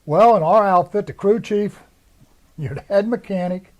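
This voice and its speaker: An older American man recounts his years in the service at an easy, rambling pace. His voice sits a little high, and he slips into other people's voices whenever he quotes them, giving his talk the feel of an oral history interview. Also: moderate pace, a little mellow, highs cut off. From United States. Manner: rambling storyteller acting out quoted dialogue. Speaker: interviewee, Marine veteran.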